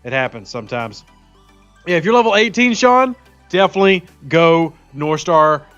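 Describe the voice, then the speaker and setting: A man's voice: on the high side, very animated, normal speed, a bit bright. A man hosting a casual live game stream, chatting in an upbeat way and greeting viewers by name. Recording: slightly dull lo-fi audio with faint music.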